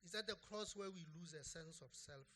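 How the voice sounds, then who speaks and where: High, bright-voiced pastor preaching. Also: male voice, moderate pace, slight background noise. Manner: animated, conversational preaching with playful asides. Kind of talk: sermon.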